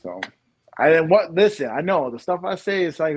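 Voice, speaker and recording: A man's voice: a little high, lively intonation, brisk. A man co-hosting a casual podcast chat, laughing often and acting out the quoted voices in his stories. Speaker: podcast co-host. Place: home couch.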